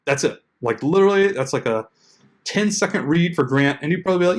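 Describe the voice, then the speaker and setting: A man's voice: a little high, expressive, fast. Chatty man coaching bloggers. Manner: loose and conversational, full of likes and uhs, mimics the emails he quotes. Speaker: blogging coach and podcast host. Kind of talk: casual tutorial talk.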